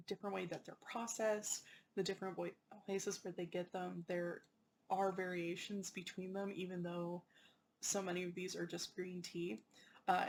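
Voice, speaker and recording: A woman hosting her own unboxing channel, talking casually and excitedly about snacks, often apologizing and laughing. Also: on the low side, a little hiss or hum, rough recording.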